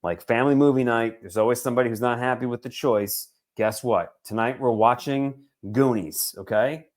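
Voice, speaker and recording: A man in his forties co-hosting a podcast, talking sports in an animated, joking way and swearing freely. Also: mid-range voice, moderate pace. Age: 40s. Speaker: podcast co-host. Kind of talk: casual sports chat.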